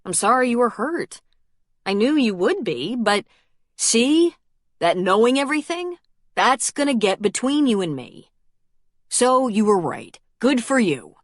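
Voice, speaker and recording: A woman's voice: a little high, sing-song, unhurried, no room sound, clean studio sound, voice pushed up. A woman reading an audiobook and voicing a pregnant, meddling older sister who talks pointedly and gets teary. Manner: pointed, teary, a bit bossy.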